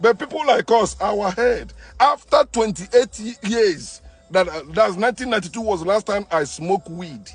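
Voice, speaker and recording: A man with a high voice preaches his point hard, hammering the same phrases over and over and restarting mid-sentence. Faint music plays underneath him. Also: animated, moderate pace, few pauses, breathy edge. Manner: forceful, preachy, repeats himself, stumbles and restarts. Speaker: online commentator. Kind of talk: impassioned monologue.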